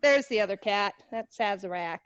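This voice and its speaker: A woman's voice: mid-range voice, expressive, moderate pace, lo-fi sound, heavy background noise. A cheerful woman singing along on a video call while showing off her pets. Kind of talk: casual video-call singalong.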